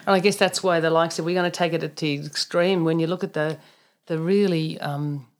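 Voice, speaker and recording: Blunt, animated woman. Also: deep voice, fairly quick. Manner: animated, blunt, tells client stories with mild swearing. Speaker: naturopath, podcast co-host. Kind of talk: casual podcast chat.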